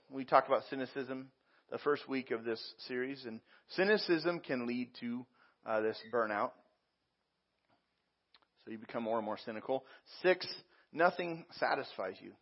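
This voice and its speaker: A man's voice: mid-range voice, muffled recording. A man preaching a sermon as a pastor, talking conversationally with frequent repeats and fillers.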